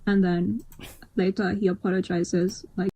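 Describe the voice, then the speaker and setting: A woman in a clip explaining to viewers in a flat, matter-of-fact way. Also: lowish voice, unhurried, husky.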